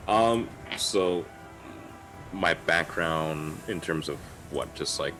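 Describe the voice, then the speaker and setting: A man's voice: rumbling low, slow, music in the background, rough recording. A man playing a tabletop game, hesitant and laughing often as he chats. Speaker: player. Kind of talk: casual chat at a tabletop game.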